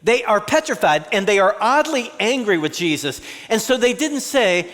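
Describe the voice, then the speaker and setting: A man's voice: high-pitched, very animated, moderate pace, fairly bright tone, big-room sound. A man preaching a conversational sermon as a pastor, acting out the voices he quotes.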